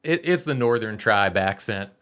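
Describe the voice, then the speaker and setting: A man's voice: fairly low pitch, expressive, moderate pace, a bit bright, clean tone. A man playing his character in an improvised tabletop role-play, smug and mock-serious. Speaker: player.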